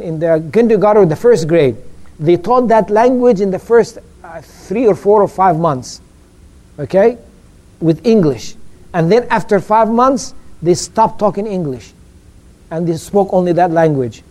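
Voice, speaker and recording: A man's voice: high-pitched, animated, darkish tone. A man giving an informal religious education lecture, stumbling and repeating words and often checking in with "okay?". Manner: halting, repeats words, keeps asking "okay?".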